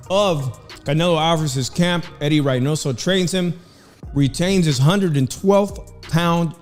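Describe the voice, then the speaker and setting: A man's voice: fairly high pitch, darkish tone. Man, casual livestream host, rambling fight commentary, chewing while talking, at home, long reverb, faint background music. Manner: rambling, chatty, talks while chewing food.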